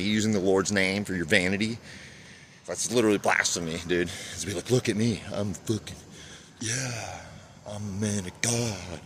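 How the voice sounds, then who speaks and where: A man's voice: lowish voice, a bit bright, slight background noise. A man vlogging in a casual, rambling rant, swearing often and calling the listener "bro" and "dude".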